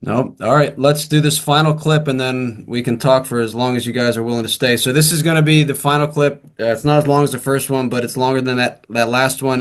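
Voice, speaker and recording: A man with a mid-range voice hosts a podcast panel. He speaks steadily, moving the discussion along and setting up the next clip. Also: medium pitch. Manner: steady, guides the talk with clips. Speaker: podcast host.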